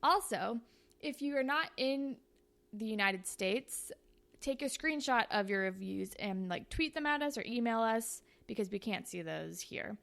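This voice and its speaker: A woman hosting a casual podcast, chatty and rambling, with "like" sprinkled all through her sentences. Her voice sits fairly high and moves easily through a story. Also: lively intonation, measured pace, vocal fry, a bit bright. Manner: chatty, frequent "like" fillers, storytelling. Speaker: podcast host.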